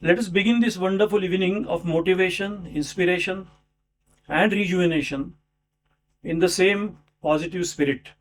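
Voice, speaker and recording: A man's voice: sits high, moderate pace, slight background noise. A man giving a formal speech at a book launch, introducing an author with rhetorical questions and asides. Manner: rhetorical, with many fillers and asides.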